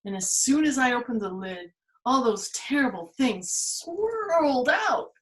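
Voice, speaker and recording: A woman's voice: high-pitched, big pitch swings, measured pace. A woman playing Pandora, a curious, vain young woman from Greek myth, in a playful, theatrical storytelling manner. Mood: panicked.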